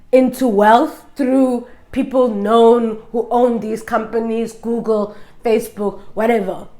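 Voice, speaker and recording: A woman's voice: medium pitch, warm tone. Sassy, emphatic woman vlogger. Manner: sassy, emphatic, rhetorical questions. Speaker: vlogger reviewing documentaries. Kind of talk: opinionated casual review.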